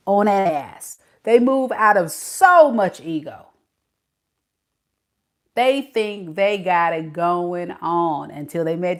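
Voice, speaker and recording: A woman's voice: lowish voice, slow. A woman doing a tarot reading for her viewers, sassy and playful, talking straight to them with slang. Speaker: tarot reader.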